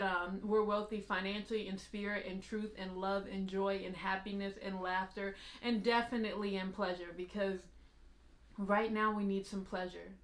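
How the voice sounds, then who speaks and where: A woman's voice: medium pitch, a bit bright. Candid vlogging woman, roomy apartment. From United States. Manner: candid, tearful, laughing between words. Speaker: vlog host. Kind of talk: emotional confessional vlog. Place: her apartment.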